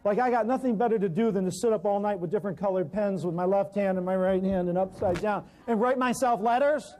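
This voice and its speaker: An American man, an herbal practitioner, telling humorous stories to a live audience and clearing his throat often. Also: high-pitched, quick pace, mellow, slight background noise. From United States.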